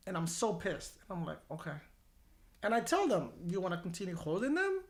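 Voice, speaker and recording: A man's voice: sits high, quick pace. A man who runs a mental health clinic, talking casually on a podcast and acting out both sides of his conversations, blunt and given to swearing. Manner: animated, acts out both sides of dialogues.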